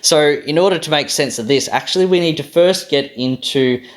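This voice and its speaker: A man with an Australian accent and a voice on the high side hosts a language video, explaining pronunciation at a moderate pace. He keeps it casual and self-deprecating, pausing to say the sounds aloud.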